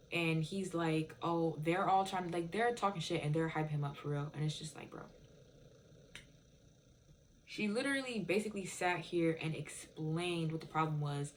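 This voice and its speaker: Low-voiced woman ranting storytime style, cussing a lot, rambly, little bit of hiss behind. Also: low-quality recording. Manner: rambling, profane, heavy use of "it's just like". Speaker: TikTok viewer telling a story. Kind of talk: casual storytime rant.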